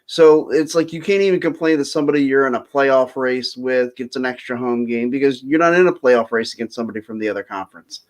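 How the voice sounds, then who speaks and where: A man's voice: mid-range voice, fast, few pauses. A man hosting a casual sports chat, easygoing and a bit hesitant, an eager football draft fan. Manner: easygoing, self-described draft geek, hesitant fillers. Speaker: host.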